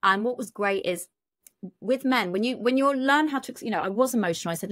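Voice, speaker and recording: A woman's voice: fairly high pitch, a little fast, a bit bright, dry recording, clean studio sound. A British woman, a relationship coach, talking frankly on a podcast and swearing casually. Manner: frank, chatty, swears casually, many fillers. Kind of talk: candid podcast conversation.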